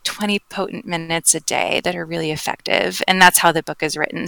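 Calm woman with a bright, creaky voice. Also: fairly low pitch, no echo. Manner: calm and gentle, thoughtful pauses. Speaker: yoga teacher and author, podcast guest. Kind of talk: casual interview chat.

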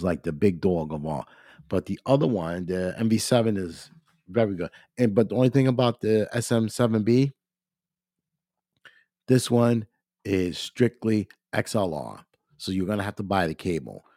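A man hosting a podcast, talking casually about equipment while congested and clearing his throat, often calling his listeners "ladies and gentlemen". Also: low-pitched, normal speed, no room sound, studio quality. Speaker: podcast host. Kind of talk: casual gear talk.

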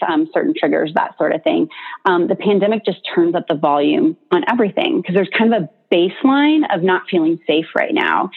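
A woman's voice: fairly low pitch, husky. A woman therapist explaining stress responses in a casual, chatty teaching talk, often adding "like" and "right?". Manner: chatty, lots of "like" and "right?" tag questions. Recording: tinny phone-like sound.

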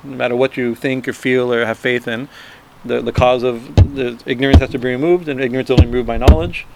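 A man giving an informal spiritual talk, halting and repeating himself, often checking in with a quick "right?" and chuckling as he explains. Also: medium pitch, steady tone, gravelly, darkish tone, slight background noise. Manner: halting, repeats words, frequent "right?" asides. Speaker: spiritual teacher.

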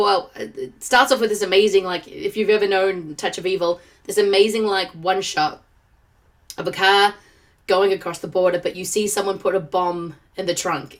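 A woman joins a film podcast while still recovering from the flu, and her voice sounds weakened. She talks enthusiastically, with quick asides and laughs. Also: mid-range voice. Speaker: podcast guest and fellow host. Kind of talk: casual film podcast chat.

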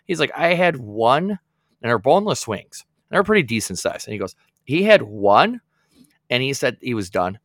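A man's voice: mid-range voice, big pitch swings, normal speed, a bit bright, dry recording, studio quality. A man co-hosting a podcast, telling a rambling story in casual chat, laughing often and acting out his friends' lines. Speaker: podcast co-host.

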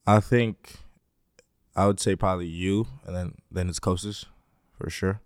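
A man's voice: low-pitched, steady tone, a little slow, clear, resonant tone, no room sound, studio quality. A young man in his twenties from Greece who speaks with an American accent, answering interview questions in a laid-back way with lots of fillers. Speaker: guest, basketball player.

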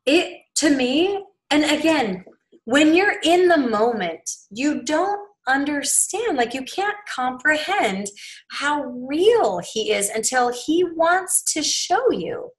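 A woman's voice: high voice, sing-song, slow, poor audio. A woman co-hosting a faith podcast, speaking in an earnest, emphatic way. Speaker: podcast co-host. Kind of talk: casual faith podcast chat.

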